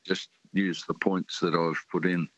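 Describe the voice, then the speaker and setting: Older Australian male caller, very deep voice, halting delivery, muffled phone line. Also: level tone, no echo. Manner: halting, many fillers. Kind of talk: casual radio call-in chat.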